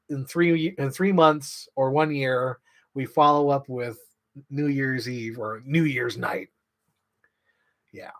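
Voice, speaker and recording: A man in an excited, rambling monologue, swearing freely and filling his talk with "like". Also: mid-range voice. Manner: enthusiastic, profane, filler-heavy. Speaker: channel host.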